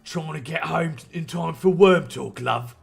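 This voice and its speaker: A man's voice: on the high side, a little slow, gravelly, slightly rough, heavily acted. A man putting on a British accent to voice the wry older man of the team, speaking in an offhand way.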